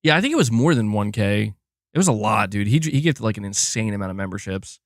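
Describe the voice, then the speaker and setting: A man's voice: fairly low pitch, expressive, fast talker, no echo, clean studio sound. A man live-streaming in casual chat, rambling and swearing with many restarts. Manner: profane, frustrated, rambling with restarts.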